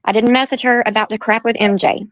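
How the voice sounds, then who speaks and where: Middle-aged woman retelling drama, bit high. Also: steady tone, fast talker, no echo. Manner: retells quarrels in quoted speech, repeats herself. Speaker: livestream host. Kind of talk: heated casual storytelling. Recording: dull lo-fi stream audio.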